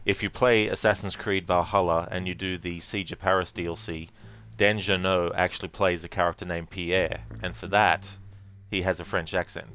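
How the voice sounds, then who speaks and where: A man with a low, flat voice chats casually over a game playthrough, wandering through his thoughts with plenty of pauses and fillers. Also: clear, resonant tone. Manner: rambling, many fillers. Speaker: game streamer. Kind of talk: casual commentary.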